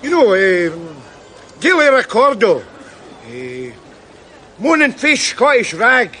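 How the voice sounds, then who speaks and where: A man's voice: high-pitched, sing-song, slow pace, bright, forceful tone, exaggerated voice. An actor playing a boastful Glaswegian man on holiday, chatty and laughing in a sitcom. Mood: cheeky. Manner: boastful, chatty, laughing, full of "you know" and "eh". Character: cocky Glasgow man on a sunny holiday. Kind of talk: sitcom acting.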